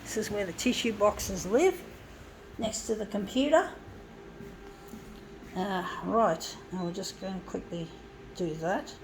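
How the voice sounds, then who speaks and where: A vlogger from Guam rambles chattily to viewers, whom she calls "folks," while crafting at home in a lounge room with a fan running. Her voice is mid-range and unhurried, with frequent pauses, and there's background noise.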